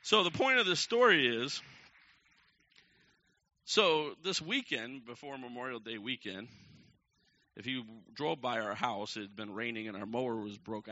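Very bright-voiced man telling a story. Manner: animated, acts out the quoted people with big jumps in pitch and loudness. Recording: dull lo-fi recording.

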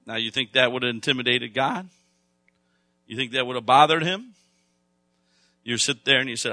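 A man delivering a sermon in a bright, forceful voice. He talks conversationally, then swells into loud, emphatic stretches. The sound is dry and close. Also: mid-range voice, moderate pace, pauses often, dry recording. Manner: conversational preaching, rising to loud emphatic bursts. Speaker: pastor.

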